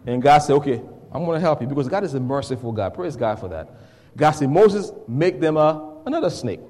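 A man preaching a call-and-response sermon, asking the congregation to finish his sentences and swinging between hushed lines and shouts. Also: medium pitch, animated, brisk, big-room sound. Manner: asks the congregation to fill in words, swings from soft to shouting.

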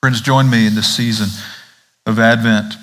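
A man's voice: lowish voice, steady tone, moderate pace, fairly bright tone. A man from the American South with a Southern accent, a pastor preaching an Advent sermon in a conversational way, asking the congregation questions.

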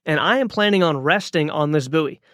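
A man's voice: fairly high pitch, moderate pace, fairly bright tone, dry recording, clean studio sound. A man hosting a podcast, telling a personal story in a motivational monologue, talking casually with lots of fillers and restarts. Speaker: podcast host.

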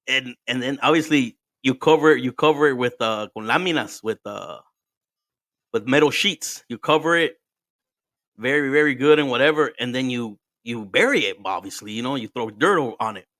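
A man's voice: medium pitch, normal speed, a bit bright, no echo, studio quality. A man from Mexico with a Mexican accent, telling stories in a casual chat, swearing freely, often laughing, and switching between English and Spanish. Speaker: podcast host.

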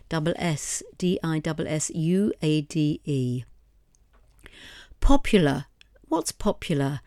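A middle-aged woman hosting a podcast, teaching English vocabulary in a steady explanatory way, repeating words and spelling them out letter by letter. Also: on the low side, no room sound, studio quality.

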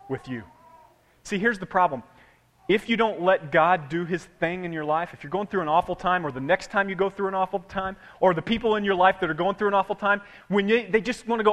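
Guy preaching in a big echoey church, pitch sits a bit high, gets loud then goes real quiet. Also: a little fast. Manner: conversational preaching with swings from loud to hushed. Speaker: pastor. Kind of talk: sermon. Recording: long hall reverb.

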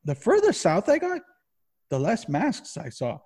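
A man co-hosting a podcast in casual chat, rambling and swearing constantly in an animated way. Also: sits high, a little slow. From Massachusetts. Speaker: podcast co-host.

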